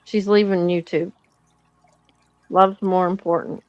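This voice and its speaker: A woman's voice: fairly low pitch, little pitch movement, takes it slowly, smooth, no echo, lo-fi sound. A woman streamer in casual chat, blunt and dismissive in what she says. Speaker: livestreamer.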